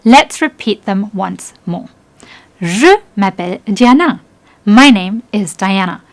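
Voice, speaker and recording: A young adult woman narrates a scripted beginner language lesson. She sounds upbeat and encouraging, and she slows her delivery so learners can repeat after her. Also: mid-range voice, expressive. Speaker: French language teacher.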